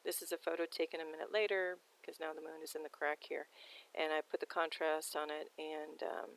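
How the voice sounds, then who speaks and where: A woman's voice: sits low, flat delivery, a little fast, vocal fry, low-quality recording. A woman hosting her own sky observation show, talking casually over a set of photos, rambling with many ums and restarts.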